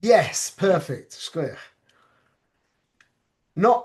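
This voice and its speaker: A man with a fairly high voice leads a relaxed class and talks to his listeners as if chatting. He often asks "yeah?" to check they follow. He drops Hebrew and Yiddish words into his English as he teaches. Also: measured pace. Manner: conversational, keeps checking with "yeah?"; uses Hebrew and Yiddish terms. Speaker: religious teacher. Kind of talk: informal spoken class.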